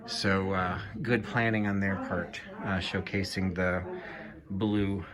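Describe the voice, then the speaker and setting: A man's voice: low voice, steady tone, slow pace, crowd noise. A man giving conversational walk-through commentary while browsing an antique shop, explaining items with frequent fillers. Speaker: antique reseller vlogger. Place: antique shop in a Victorian house.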